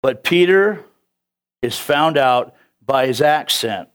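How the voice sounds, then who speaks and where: A man's voice: medium pitch, animated, slow pace, a bit bright. A man from California with a Californian accent, preaching a casual, conversational sermon and chuckling between his points. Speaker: pastor.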